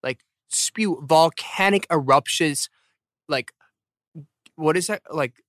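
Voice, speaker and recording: A man's voice: a little high, slow, fairly bright tone, no room sound. Tired jokey guy wrapping up his podcast, rambles a lot, dry sound. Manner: rambling, self-mocking, jokey. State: jet-lagged, tired. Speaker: podcast host. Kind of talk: casual chat, show outro.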